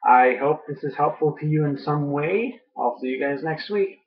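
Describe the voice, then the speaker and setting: A man's voice: on the high side, normal speed. Groggy rambling young man, muffled audio. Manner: rambling, many ums and uhs. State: groggy from dental work and pain meds. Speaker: vlogger. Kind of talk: rambling casual vlog.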